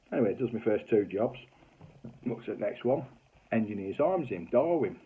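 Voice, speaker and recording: A man's voice: lowish voice, normal speed, breathy edge. A middle-aged man with a broad Lancashire accent telling a casual work anecdote, swearing freely, on a tinny phone-quality recording. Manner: lively, swears freely, broad dialect grammar. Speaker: cable TV engineer.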